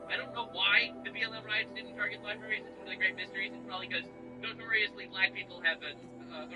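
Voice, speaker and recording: A male streamer giving casual political commentary, ranting with animated disbelief and cursing freely. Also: sits high, poor audio. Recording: music playing behind the voice.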